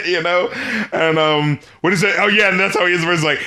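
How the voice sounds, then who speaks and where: High bright-voiced man laughing through chat. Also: lively intonation, normal speed. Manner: laughs often, acts out lyrics in goofy voices, swears freely. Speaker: podcast co-host. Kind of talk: casual music review chat.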